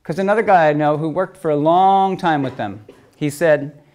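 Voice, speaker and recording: A middle-aged man telling a story at a talk, lively, moving between loud and soft passages. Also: a little high, moderate pace. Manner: lively storyteller, swings loud and soft, acts out quoted voices. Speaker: speaker telling stories at a talk.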